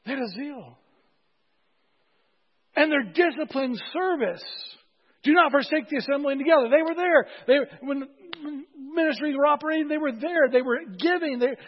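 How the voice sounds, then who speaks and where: High husky man preaching casually, church hall reverb, dull sound. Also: normal speed. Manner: conversational, joking with congregation. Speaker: pastor. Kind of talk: sermon.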